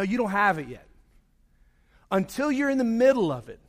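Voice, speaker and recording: A man preaching a conversational sermon after praying, his voice a bit worn from singing. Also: high-pitched. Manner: conversational, animated storytelling. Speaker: pastor. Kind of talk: sermon with opening prayer.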